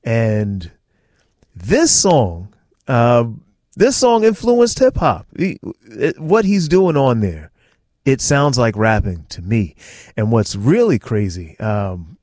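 A man's voice: on the low side, very animated, slow, a little mellow. A friendly man sitting in as a radio programmer, sharing the stories behind old songs. His voice sounds close and dry, with no room echo, as he talks from a radio studio. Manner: friendly, storytelling, grateful. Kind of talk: casual radio chat and music stories.

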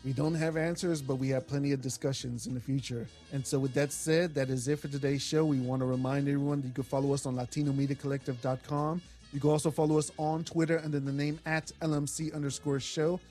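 A man's voice: mid-range voice, quick pace, few pauses, faint music behind. A man hosting a radio talk show, thanking guests and closing the program. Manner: steady, wraps up segments and thanks guests.

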